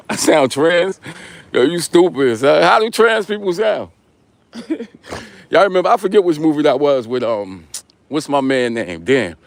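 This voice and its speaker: A man's voice: mid-range voice, lively intonation, unhurried, long pauses, a little mellow, no room sound. A man in his forties with a New York accent, casually chatting on a live stream while walking and teasing viewers in street slang. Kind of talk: casual live-stream chat reading comments.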